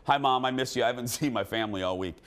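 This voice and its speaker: A middle-aged man hosting a TV talk show, telling loud, animated stories and laughing at his own jokes. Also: medium pitch, racing. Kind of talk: casual chat, storytelling.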